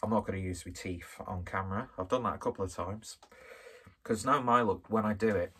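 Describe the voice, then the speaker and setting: Husky low-voiced man. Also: fairly quick, fairly bright tone. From Skelmersdale, northwest England. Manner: rambling, self-deprecating, jokey. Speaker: beer reviewer. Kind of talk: casual beer review chat.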